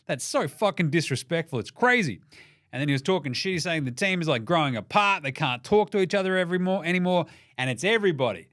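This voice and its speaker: A man's voice: fairly high pitch, lively intonation, quick pace, few pauses, a bit bright, no echo, clean studio sound. A young Australian man hosting a casual basketball podcast, irreverent and sweary, joking through the day's results. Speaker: NBA podcast host. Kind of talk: casual sports commentary.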